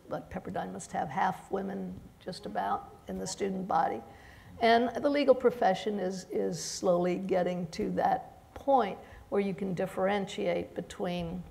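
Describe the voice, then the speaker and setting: A woman judge speaking on a panel, halting with many restarts and fillers, who came to the country as an immigrant. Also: mid-range voice, gravelly, darkish tone. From immigrant to the United States. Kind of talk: panel discussion.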